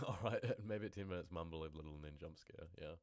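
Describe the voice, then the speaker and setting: Very deep-voiced male horror narrator. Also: fast, no room sound, studio quality. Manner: casual, rambling asides to chat. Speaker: horror story narrator and streamer. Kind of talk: live-stream horror narration and chat.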